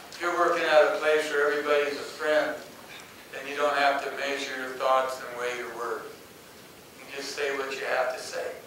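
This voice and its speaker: A man's voice: mid-range voice, pushed and bright, slight background noise. A man giving a folksy, anecdotal motivational talk, acting out the voices in his stories. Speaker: speaker. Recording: echoey hall, mic far off.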